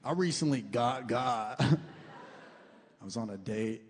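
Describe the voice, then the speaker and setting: A young man doing a stand-up comedy set, animated and mocking, with loud comic outbursts and put-on voices. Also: mid-range voice, slow, long pauses. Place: comedy club stage with a laughing audience. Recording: long hall reverb, faint room noise.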